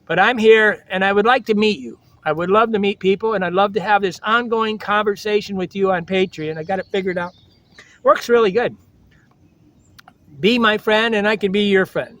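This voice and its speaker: An older man talks straight to his vlog audience in a high-pitched voice. His delivery is blunt and preachy, and he keeps circling back to the same catchphrases. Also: normal speed, fairly bright tone. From United States. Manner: blunt, lecturing, repeats slogans. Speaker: travel vlogger. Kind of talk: blunt motivational monologue.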